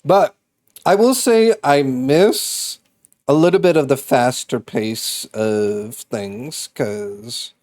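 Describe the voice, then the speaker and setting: Casual streamer guy, mid-pitched, easygoing and rambling, loose with swearing. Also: slow, darkish tone. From Massachusetts. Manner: laid-back, rambling, swears and laughs easily. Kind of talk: casual chat with live chat.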